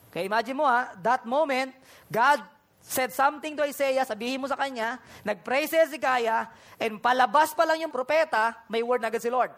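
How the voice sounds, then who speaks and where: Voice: sits high, fairly quick. A preacher from the Philippines with a Filipino accent, giving a sermon that switches between Tagalog and English and acts out conversations and scripture in different voices. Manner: animated, acts out conversations and Bible speeches in voices.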